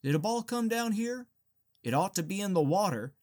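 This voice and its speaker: A man's voice: high-pitched, lively intonation, normal speed, a little mellow, voice pushed up. A man doing a curt, impatient golfer. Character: impatient white golfer man hunting a ball. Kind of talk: audiobook character reading.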